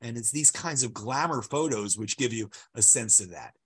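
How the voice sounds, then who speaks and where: A man's voice: medium pitch, animated, moderate pace, a bit bright, slightly rough. A man giving an illustrated lecture over slides, talking in a discursive, emphatic way and stressing key words.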